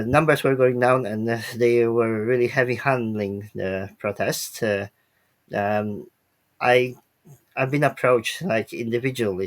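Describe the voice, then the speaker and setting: A man's voice: on the low side, gravelly. A man whose first language is Polish, interviewing a guest in a hesitant way full of fillers. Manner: hesitant, many fillers, non-native phrasing. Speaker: interviewer, independent journalist. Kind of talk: interview questions and chat.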